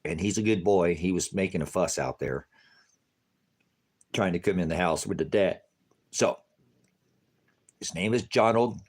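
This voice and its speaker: A man's voice: sits low, measured pace, long pauses. A man, a preacher, talking casually to his viewers from a farmhouse, rambling between warnings and baby talk to his cat.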